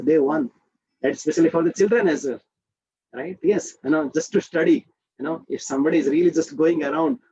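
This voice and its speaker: Brief: Indian man, fairly high husky voice, lively devotional teacher, lo-fi call audio. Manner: animated, leans on conversational tags and checks in with listeners. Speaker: devotional group session leader. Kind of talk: informal spiritual teaching talk.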